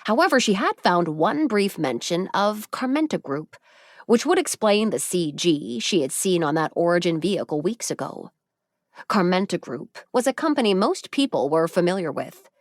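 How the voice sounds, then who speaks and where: With a voice on the low side, a woman narrates an audiobook in a measured, level storytelling style. The sound is clean studio audio without any room sound.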